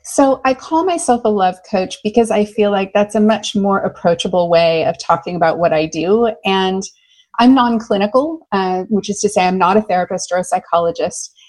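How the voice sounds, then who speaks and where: A woman guest, a love coach, telling stories in an interview in an enthusiastic, loud and lively way with frequent laughter. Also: medium pitch, moderate pace. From United States. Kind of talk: candid interview storytelling.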